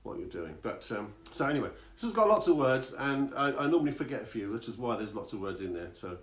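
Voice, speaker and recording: A man's voice: medium pitch, big pitch swings, quick pace. A man who sings and writes songs, chatting on a live stream between comic songs, rambling and making fun of himself. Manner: rambling, self-deprecating asides. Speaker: singer-songwriter performing live. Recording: echoey room, guitar playing.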